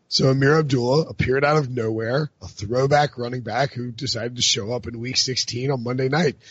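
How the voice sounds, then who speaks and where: Gruff male host, husky, dry close sound, laughs a lot. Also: no room sound, lo-fi sound. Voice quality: low, gruff voice. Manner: laughing, joking. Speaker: podcast host. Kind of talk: casual sports chat.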